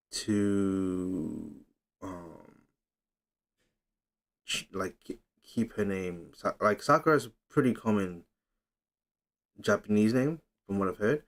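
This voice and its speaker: A man's voice: sits low, takes it slowly, pauses often. A young man hosting a casual livestream, chatting loosely, reading comments aloud and fumbling with his setup. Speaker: livestream host.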